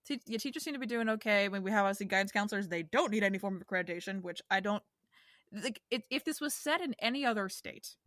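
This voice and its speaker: Animated New York-area woman podcaster. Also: mid-range voice, dry recording, studio quality. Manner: animated, quick to laugh, many restarts. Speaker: podcast co-host. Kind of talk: casual chat.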